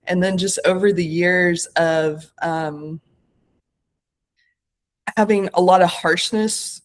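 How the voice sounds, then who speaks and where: Woman, late thirties, podcast guest; earnest and reflective, a bit lower voice, talks through her thoughts with fillers. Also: fairly even intonation, slow. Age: 30s. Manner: earnest, searching, lots of fillers and self-corrections. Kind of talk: reflective conversational interview.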